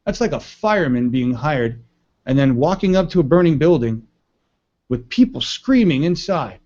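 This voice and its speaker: A man's voice: a little high, very animated, normal speed, darkish tone. A man hosting a live news stream, ranting indignantly with profanity and calling his viewers folks. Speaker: livestream news show host. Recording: muffled lo-fi audio.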